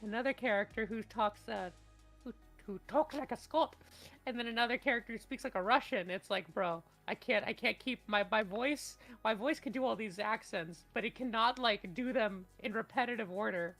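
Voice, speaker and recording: Over a voice call, a woman running a tabletop game rambles through casual chat, frequently starting her sentences over and breaking into loud laughter. She has a fairly high pitch and a moderate pace, with faint music behind her.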